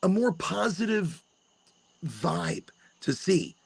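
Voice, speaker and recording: A man talks casually into a dry, close mic outdoors at night, crickets and insects buzzing behind him. His voice is gravelly and husky, and his pitch swings widely as he rambles. He restarts his words, mixes jokey asides with earnest encouragement, and hosts like a late-night podcast. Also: very animated, slow pace, no room sound. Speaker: podcast host. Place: outdoors on rural land at night.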